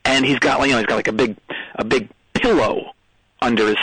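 A man's voice: mid-range voice, fairly quick, fairly bright tone, breathy edge, no echo, poor audio. A man calling in to a radio comedy show, telling a rambling story with lots of stammers and restarts. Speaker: caller.

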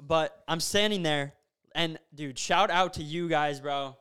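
A young male podcast host with a high, smooth, resonant voice tells a story at a measured pace. His chat is relaxed, animated, and loose, packed with casual fillers like "bro" and "like".

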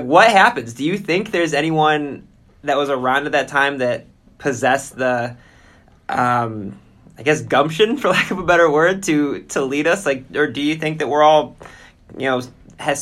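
A man hosting a podcast, asking loose, rambling questions in a relaxed, casual way. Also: mid-range voice. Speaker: podcast host. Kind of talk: casual interview chat.

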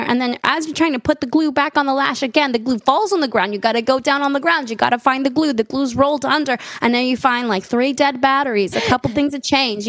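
High-voiced profane woman comedian. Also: no echo. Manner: animated, profane storytelling with acted-out bits. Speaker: stand-up comedian, guest. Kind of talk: casual podcast chat.

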